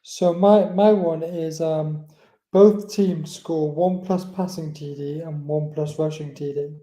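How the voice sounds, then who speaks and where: A man's voice: fairly high pitch, fairly even intonation, a little slow, mellow. A man co-hosting a casual sports podcast, enthusiastic with hesitant starts. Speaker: podcast co-host. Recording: echoey room.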